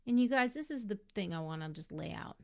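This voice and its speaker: A woman's voice: medium pitch, lively intonation, brisk, vocal fry. A woman and mother of young children, hosting a live-streamed coaching talk for mothers and chatting directly with her viewers, greeting them by name. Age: adult mother of young children.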